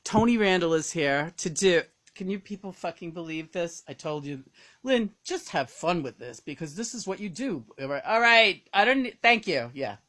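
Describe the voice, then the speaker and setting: Woman channeling a dead uncle's ghost, gossipy and crude, bright tense voice. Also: expressive, moderate pace. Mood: amused. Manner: gossipy, swearing, low-key. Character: deceased uncle's spirit, older man, chatty and crude. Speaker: medium channeling a spirit.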